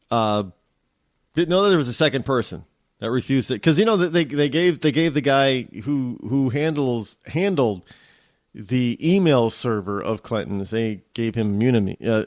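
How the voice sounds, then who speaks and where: A man's voice: mid-range voice, expressive, normal speed, no echo. A man from New hosting a radio show, talking in a rambling, joking way that keeps interrupting itself. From New England. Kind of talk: casual talk radio monologue.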